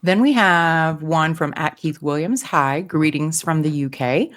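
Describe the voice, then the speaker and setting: A woman co-hosts a relaxed podcast and reads listener comments aloud. Her voice is low for a woman. She sounds playful and laughs easily. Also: a little slow. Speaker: podcast co-host. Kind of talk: casual podcast chat, reading listener comments.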